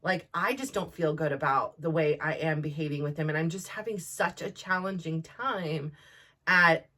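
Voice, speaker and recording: A woman's voice: deep voice, moderate pace, pushed and bright. A woman in her forties hosting a podcast, talking candidly and rambling with many restarts. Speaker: podcast host. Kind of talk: candid personal monologue.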